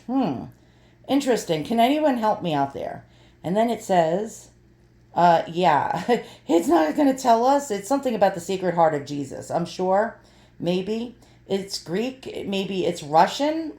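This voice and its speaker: A woman's voice: mid-range voice, darkish tone, reverberant. A woman in her fifties chatting casually as she shows items from an online haul, thinking aloud while she peers at small print. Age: 50s. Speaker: vlogger showing an online haul.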